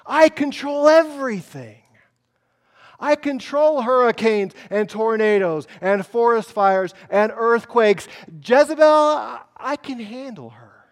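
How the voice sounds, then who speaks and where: A man's voice: extremely high pitch, slow pace, vocal fry, few pauses, pitched above the performer's own voice, exaggerated voice. A man voicing God in a sermon, emphatically reminding a prophet of his power. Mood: reassuring. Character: God, mighty and reassuring.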